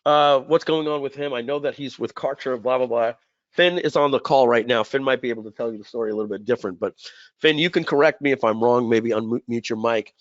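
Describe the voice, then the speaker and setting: A man with a mid-range voice hosts a webinar, casually telling a business story and animatedly acting out quoted dialogue. The audio is dry with no room sound, dull and lo-fi like typical webinar sound.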